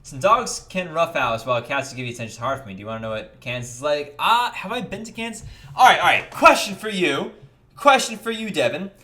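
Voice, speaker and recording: Young american guy streaming, chatty and upbeat, reading chat, bright voice. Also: expressive, a little fast. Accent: General American. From United States. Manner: upbeat, jumps in pitch when greeting chatters. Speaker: livestream host. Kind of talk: casual livestream chat reading donations.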